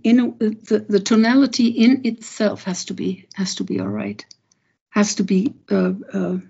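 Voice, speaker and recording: A woman poet and translator, speaking thoughtfully and haltingly in an interview, with many pauses and restarts, and reading a poem aloud. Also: mid-range voice, vocal fry, dark tone, slightly rough. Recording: dull lo-fi recording.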